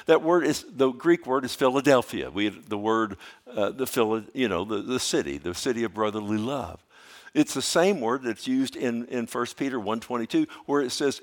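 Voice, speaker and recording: A middle-aged man preaching a sermon as a pastor, swinging from loud urgency to hushed storytelling and repeating phrases for emphasis. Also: mid-range voice, normal speed. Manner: repeats phrases, with filler restarts.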